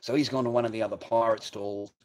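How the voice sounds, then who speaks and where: A man's voice: lowish voice, steady tone, fast talker, darkish tone. A man in his forties chatting casually on a livestream from his garage workshop, telling rambling, profane stories. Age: 40s.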